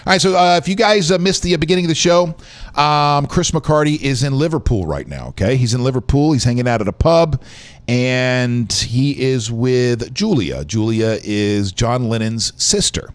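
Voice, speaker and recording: A man's voice: medium pitch, animated, normal speed. A man hosting a live-streamed show, chatting loosely and joking with viewers. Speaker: show host. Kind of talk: casual live-stream chat.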